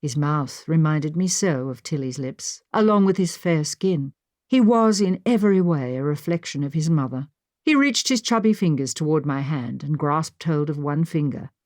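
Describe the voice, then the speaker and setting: A woman narrating a historical novel in the first person, with expressive storytelling. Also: low-pitched, moderate pace, no echo, studio quality. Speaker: audiobook narrator. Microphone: studio microphone.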